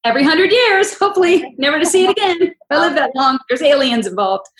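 Animated woman host in a roomy space. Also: high-pitched, fast talker, slight background noise. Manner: animated storyteller, acts out quotes. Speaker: podcast host. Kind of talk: casual chat.

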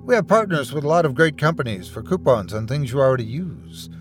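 A man's voice: mid-range voice, big pitch swings, brisk, faint music behind, natural voice. Man doing a nervous, placating salesman. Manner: anxious, placating, stammering. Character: nervous, pushy male door-to-door salesman.

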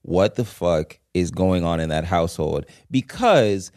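A man co-hosting a casual podcast chat, emphatic and lively, swearing freely. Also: deep voice, a little slow, no echo, studio quality. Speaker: podcast co-host.

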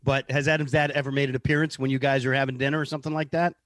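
A man's voice: mid-range voice, flat delivery, racing, a bit bright, no echo. A man co-hosting a podcast, playful and teasing in casual chat. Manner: playful, laughs while teasing. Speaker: podcast co-host.

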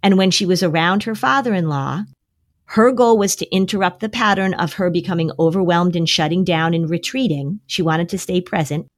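Fairly low-pitched and fairly quick, a woman anxiety therapist talks on a podcast, pressing home coaching advice with lots of repetition. The recording is dry and of studio quality.

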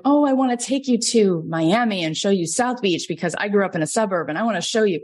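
A woman in her forties from Florida, a business coach telling personal stories in a lively podcast talk. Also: fast talker, few pauses. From Florida, USA. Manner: lively storytelling, jumps up in pitch for quoted dialogue.

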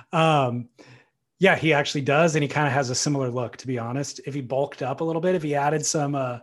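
A man co-hosting a casual surf podcast, relaxed and teasing, and keen when he praises a surfer. His voice sits slightly high. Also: normal speed, long pauses. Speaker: podcast co-host. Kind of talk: casual surf talk chat.

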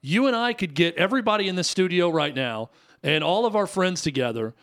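Chatty male radio co-host, fairly high. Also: lively intonation, brisk, fairly bright tone. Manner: chatty storyteller, frequent restarts and fillers. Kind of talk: casual sports radio chat.

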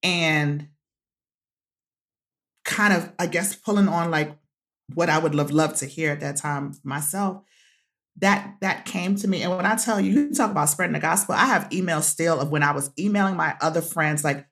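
Low-voiced woman, emphatic storyteller. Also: normal speed, creaky. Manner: emphatic, repeats phrases, laughs often. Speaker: guest, activist and author. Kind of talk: emotional storytelling in conversation.

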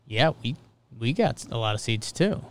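A man's voice: mid-range voice, very animated, normal speed, slight background noise. A man co-hosting a casual podcast, trading dry, joking banter about news stories. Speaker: podcast co-host. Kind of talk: casual chat.

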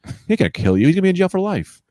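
Animated man riffing in casual chat. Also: sits high, racing, dry recording. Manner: animated, riffing bits with put-on voices. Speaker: podcast co-host.

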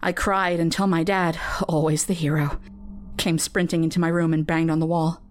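Low-voiced woman narrating horror. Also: flat delivery, a little hiss or hum. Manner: measured, intimate storytelling. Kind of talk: scripted horror story narration.

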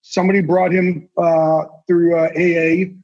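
A man's voice: fairly high pitch, flat delivery, moderate pace, a little mellow. A man guesting on a podcast, talking intensely and earnestly with salty language. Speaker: guest, sportswriter and NFL insider. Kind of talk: casual podcast conversation. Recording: dull lo-fi sound.

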